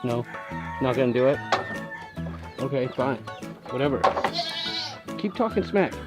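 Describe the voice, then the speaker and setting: A man playing a goofy male roving reporter who questions farm animals in a mock-serious, deadpan way. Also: mid-range voice, a little slow, over music, voice pushed down, natural voice. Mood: bantering. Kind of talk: comedic sketch narration.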